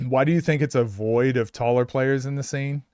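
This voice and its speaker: A man's voice: medium pitch, steady tone, normal speed, dark tone, clean tone, no echo, clean studio sound. A man from Oklahoma chatting casually on a live stream, answering viewers' questions, laughing often and acting out quotes. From Oklahoma, USA.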